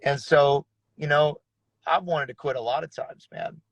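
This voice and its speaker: A man's voice: on the high side, steady tone, measured pace, slightly rough, no echo, poor audio. A man who is a pastor, sharing an earnest personal testimony in a casual, slangy conversation. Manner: earnest, casual, uses slang like bro and dude.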